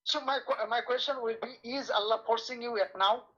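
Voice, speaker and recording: Fast bright breathy caller. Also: medium pitch, fairly even intonation, dull audio. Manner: keeps answering with a question. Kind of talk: debate call-in.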